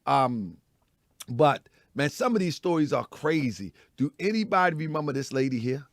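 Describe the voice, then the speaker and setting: A man with a raspy, gravelly voice hosts a casual morning talk show, telling stories loudly and with a lot of animation. His voice sits high for a man. The recording is dry and close, with no room sound. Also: normal speed, no echo. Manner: loud, animated storytelling with laughs. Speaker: host.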